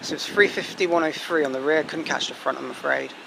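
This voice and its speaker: A man's voice: a little high, fairly quick, vocal fry. Chatty man over train noise. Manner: chatty, excitable, self-deprecating asides. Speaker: trainspotting vlogger. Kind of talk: casual live commentary on passing trains. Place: busy railway station platform. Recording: loud station noise from trains.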